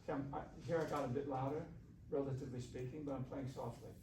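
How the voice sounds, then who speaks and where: A man's voice: medium pitch, fairly even intonation, fast talker. A man teaching a shakuhachi workshop in a classroom, coaxing and conversational, often asking the class questions. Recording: roomy, from far off, faint hiss.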